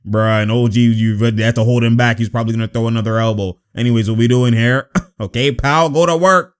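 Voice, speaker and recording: A young man giving casual, excitable reaction commentary over basketball footage, laughing often and calling out to the players on screen. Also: mid-range voice, fairly quick, clean tone.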